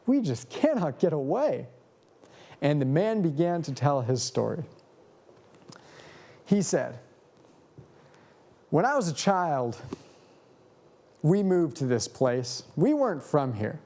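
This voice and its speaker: Slow, expressive preacher man. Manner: slow, dramatic pauses, lively pitch. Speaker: pastor. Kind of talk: sermon storytelling.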